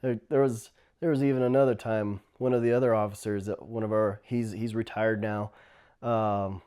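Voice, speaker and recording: A man from the Navajo Nation, a former tribal police officer, telling stories casually. He laughs often and shouts out the quoted lines. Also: lowish voice, fairly even intonation, moderate pace, clean tone. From Navajo Nation, US Southwest. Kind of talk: casual storytelling.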